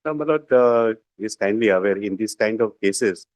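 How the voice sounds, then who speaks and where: A man serving as defence counsel argues in court via video call, hesitating with fillers and deferentially saying "my lord" over and over. His voice is on the low side, a little mellow and at a moderate pace, with poor audio and no room sound.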